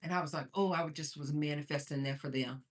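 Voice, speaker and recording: Talking fast in a low-pitched voice with fairly even intonation, this Missouri livestream host keeps it casual. She chats, laughs a lot and reads viewer comments aloud, a bit out of breath from moving about.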